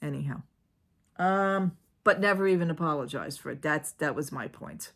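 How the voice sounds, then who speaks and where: A woman's voice: low-pitched, lively intonation, normal speed, a bit bright. A woman telling a story in a casual home vlog, indignant and retelling it with lots of "I says". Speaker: vlogger. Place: at home, living room.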